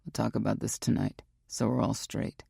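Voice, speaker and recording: A woman voicing a steady, direct male biker club man who speaks calmly and reassuringly over the phone. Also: extremely low pitch, moderate pace, creaky, husky, dry recording, clean studio sound, voice pushed down, exaggerated voice.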